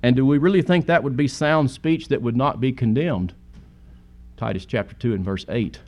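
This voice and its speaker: A man's voice: mid-range voice, normal speed, a little mellow. A man preaching a sermon in an earnest way, with sudden emphatic peaks.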